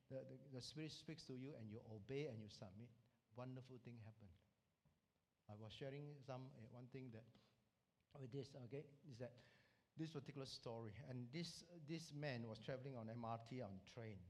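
A man's voice: medium pitch, a little mellow. A man from Singapore with a Singaporean English accent, preaching a sermon and telling stories animatedly with local slang. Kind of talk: sermon with Bible teaching.

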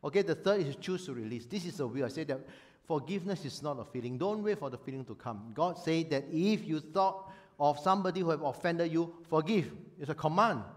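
A man preaching a sermon as a pastor, animated and emphatic, often acting out voices. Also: on the high side, brisk, hardly any pauses.

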